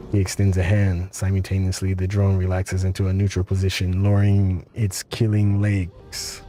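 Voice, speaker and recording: Guy reading game text slowly, trips over words sometimes, low mellow voice. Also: completely flat delivery, soft background music. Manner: slow, labored reading with some stumbles. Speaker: game reader.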